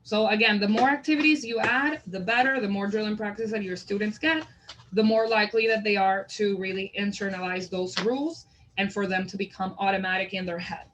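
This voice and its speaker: A woman training teachers in a literacy method, explaining it and sounding out example words slowly and deliberately. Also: medium pitch, fairly even intonation, a bit bright, a little hiss or hum, rough recording. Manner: slow, deliberate word modeling. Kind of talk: instructional demonstration.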